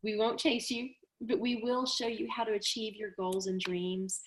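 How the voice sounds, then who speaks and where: Lady giving a quick upbeat pep talk to wrap up the call. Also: medium pitch, level tone. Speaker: co-host of team call.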